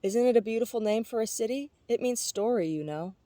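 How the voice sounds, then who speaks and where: A cheerful, friendly storybook policeman, read by a woman. He sounds bright in spirit, in a mellow, dry voice. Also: a little high, expressive, brisk, no room sound, voice pushed up, natural voice. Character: cheerful policeman floating on an umbrella.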